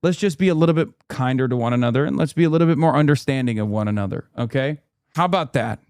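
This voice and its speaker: A man's voice: medium pitch, quick pace, darkish tone, smooth, dry recording, clean studio sound. A man streaming live, reacting to a video and talking to chat with sarcastic, profane commentary.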